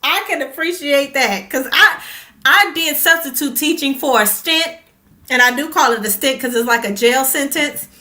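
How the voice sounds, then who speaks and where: A woman's voice: high voice, normal speed, sharp tone. A woman hosting an online comedy show, chatting casually between acts with a laugh in her voice.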